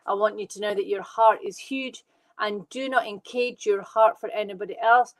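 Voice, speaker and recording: A woman working as a medium, giving live readings to viewers in an excitable, fast, reassuring way. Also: medium pitch, low-quality recording. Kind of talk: live online psychic reading.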